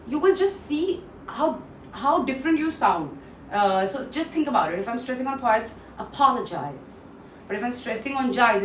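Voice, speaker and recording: A woman trainer walks through word pronunciations and repeats each one for drill. She pauses often with "uh". Her voice sits slightly off-mic in a roomy space with a faint hiss behind it. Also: high voice, far from the mic. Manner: frequent "uh" fillers. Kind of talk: online pronunciation lesson.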